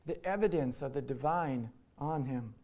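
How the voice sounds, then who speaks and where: Conversational preacher from Iowa. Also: male voice, mid-range voice, moderate pace, dark tone. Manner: conversational, acts out quotes in voices. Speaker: pastor. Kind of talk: sermon.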